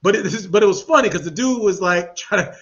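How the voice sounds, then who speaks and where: A man co-hosting a podcast in casual chat, an animated storyteller who laughs often and uses slang. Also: high-pitched, fast talker. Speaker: podcast co-host. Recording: dull lo-fi podcast audio.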